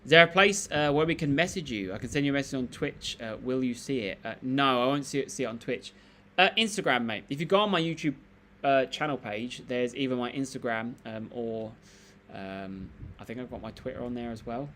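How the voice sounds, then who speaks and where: A man's voice: mid-range voice, brisk, a bit bright, a little hiss or hum. Laid-back man chatting casually. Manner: rambling, laid-back, lots of fillers and restarts. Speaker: live-stream host. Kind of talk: casual live-stream chat, reading comments.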